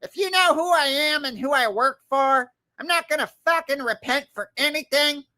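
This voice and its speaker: A man's voice: extremely high pitch, normal speed, sharp tone, pitched above the performer's own voice, full character voice. A man impersonating a brash, crude woman. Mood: defiant. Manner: crude, swearing, defiant. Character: brash, foul-mouthed middle-aged woman ranting. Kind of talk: comic impression on a livestream.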